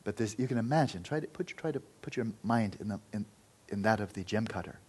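A male Buddhist teacher tells a story during a dharma talk. His voice is low and breathy. He speaks earnestly, with restarts, and often drops to a hush. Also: lively intonation, fast. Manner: earnest, loose storytelling with restarts and quiet stretches.

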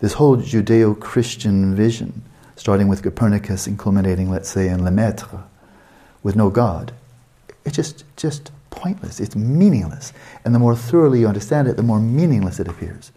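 Brief: male meditation teacher, lecture delivery, low mellow voice, rhetorical and emphatic. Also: fairly quick. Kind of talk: spoken dharma lecture.

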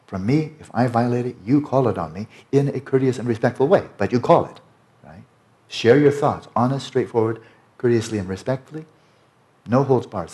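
American guy teaching a retreat, lowish voice, emphatic, keeps asking right?. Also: a little mellow. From United States. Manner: emphatic, conversational, repeats tag questions. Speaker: meditation teacher. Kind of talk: dharma talk to retreat students.

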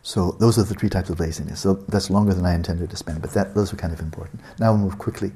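A man with a low, mellow voice talks fast while giving a dharma talk on meditation. He's blunt, sarcastic and conversational, mocking students' excuses and mimicking their doubting thoughts.

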